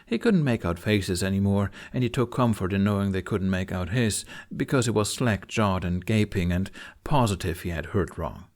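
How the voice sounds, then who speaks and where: A man narrating a fan audiobook chapter in a measured storytelling manner. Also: on the low side, darkish tone.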